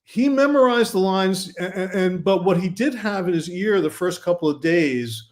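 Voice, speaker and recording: Man from Brooklyn, film director guest, highish voice, animated storyteller. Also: moderate pace. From Brooklyn, New York. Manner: animated anecdotes, quotes himself and others. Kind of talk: casual storytelling.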